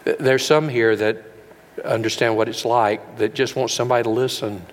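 A man's voice: level tone, moderate pace, a little hiss or hum. Earnest preacher man in a reverberant hall. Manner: folksy, earnest preaching that swells to loud high peaks. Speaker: pastor. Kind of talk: sermon. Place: large room with an audience.

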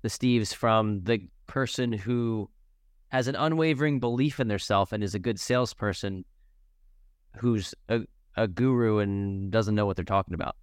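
Casual, curious male podcast host with a low, resonant voice. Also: normal speed, smooth, dry recording, clean studio sound. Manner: casual, curious, laughs easily. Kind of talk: casual interview chat.

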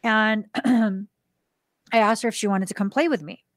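Woman, podcast host, casual storytelling, lively retelling, mid-pitched voice, dry close sound. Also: unhurried, dry recording. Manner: animated, acts out quoted dialogue in a higher voice; drops to a soft, hushed voice for tender moments.

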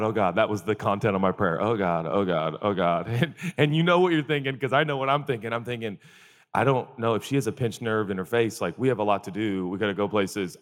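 A man in his forties, a pastor giving a sermon, who mixes comic storytelling and acted-out quotes with earnest questions. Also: big-room sound. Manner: comic storytelling, acts out groans and quotes in a high voice.

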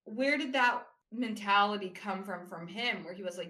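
Bright-voiced woman chatting, lots of "like". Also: medium pitch, lively intonation, moderate pace, hardly any pauses, echoey room. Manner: chatty, many "like" fillers. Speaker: podcast co-host. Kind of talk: casual chat recapping a show.

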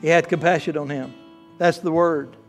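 A man preaching a sermon as pastor, swinging from hushed, slow lines to loud, fervent ones. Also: a little high, fairly even intonation. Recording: faint guitar music behind. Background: soft guitar playing.

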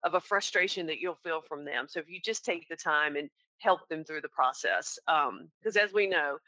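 A woman in her forties from North Carolina, with a Southern accent and a low, pushed, bright voice, chats about her work as an insurance claims professional. She tells stories at a moderate pace and laughs often, on a dry, poor-quality recording.

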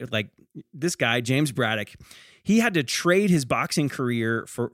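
A man's voice: medium pitch, dry recording, clean studio sound. A middle-aged man hosting a casual motivational podcast. He talks in a chatty, stammering way and keeps tagging his lines with "okay?" and "right?". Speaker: podcast host.

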